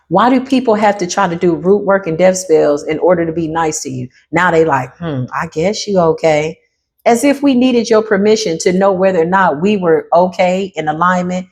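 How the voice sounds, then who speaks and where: A woman giving a spiritual tarot reading in a sassy, emphatic manner, repeating lines for effect and jumping into high exclamations. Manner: swings into high exclamations and asides. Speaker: tarot reader.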